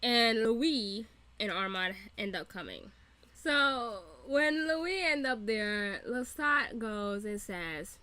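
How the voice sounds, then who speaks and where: A woman's voice: on the high side, animated, slow, sharp tone, no echo. A woman host giving a casual, profane, laughing recap of a TV episode. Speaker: reaction channel host.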